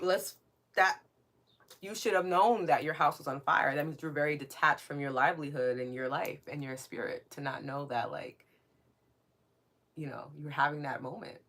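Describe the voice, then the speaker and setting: A woman's voice: low voice, moderate pace, fairly bright tone. A woman hosting a live podcast, reading viewer comments aloud in casual chat, candid and mildly profane, laughing often and asking "right?".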